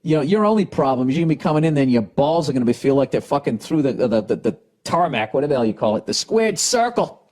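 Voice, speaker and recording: A man with a Boston accent hosts a podcast, reading listener letters and answering with blunt, sarcastic, profane advice in a casual rant. He has the hiccups. His voice is medium-pitched and a little mellow, and he talks very fast with hardly any pauses.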